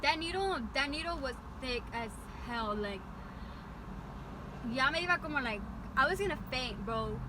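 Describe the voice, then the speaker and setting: A high-voiced young woman in her twenties rattles off a casual storytime in a rambling, profane way. She talks from inside a moving car, with loud road and engine rumble under her voice. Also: expressive, normal speed. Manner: chatty, profane, retells dialogue in rambling asides. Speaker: vlogger. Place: in a car on a bumpy city street.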